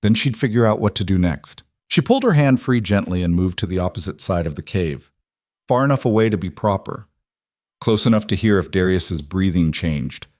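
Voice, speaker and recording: A man narrating a romance fantasy audiobook in a steady, measured way. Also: low voice, no echo, studio quality.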